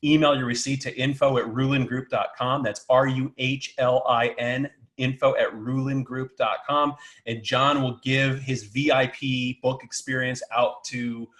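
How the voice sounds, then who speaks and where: A man's voice: mid-range voice, flat delivery, unhurried, a bit bright. A man hosting an interview, enthusiastically thanking his guest and reading out closing plugs. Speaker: host. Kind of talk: interview podcast.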